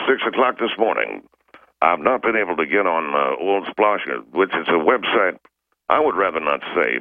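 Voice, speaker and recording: A man calling in with comic banter, halting and stiffly formal, full of uhs, heard over a tinny phone line. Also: rumbling low, dry recording.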